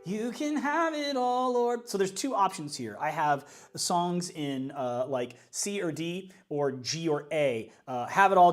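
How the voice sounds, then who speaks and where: A man, a worship leader, chatting casually and upbeat on a livestream while working things out aloud. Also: on the high side.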